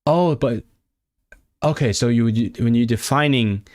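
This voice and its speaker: On his casual live stream, a young man practices a foreign language, sounding out words with many restarts while chatting with viewers. His mid-range voice is a little mellow and measured in pace, recorded dry with clean studio sound.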